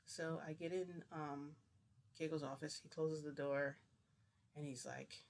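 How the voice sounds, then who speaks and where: A man's voice: fairly high pitch, steady tone, measured pace, vocal fry. A man casually retelling a personal story to the camera, rambling and acting out dialogue with "I'm like" and "he goes". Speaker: vlogger.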